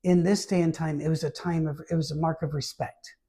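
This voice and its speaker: A man's voice: fairly high pitch, little pitch movement, a little fast, dark tone, slightly rough. A man, a pastor reading scripture aloud and breaking off to comment casually in a Bible study. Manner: reads scripture aloud, then breaks off to comment with asides and light humor. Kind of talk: conversational Bible teaching.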